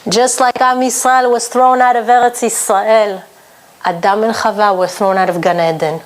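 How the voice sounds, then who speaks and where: A woman's voice: mid-range voice, steady tone, normal speed. A woman teaching a Torah lesson for women, earnest and emphatic, her talk full of Hebrew terms.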